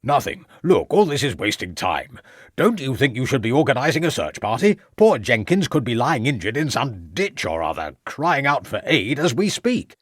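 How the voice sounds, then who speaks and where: A man voicing a blustering, easily agitated middle-aged gentleman who grumbles defensively in an audiobook. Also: medium pitch, big pitch swings, moderate pace, no room sound, studio quality, pitched above the performer's own voice. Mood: impatient. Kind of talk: audiobook character voice.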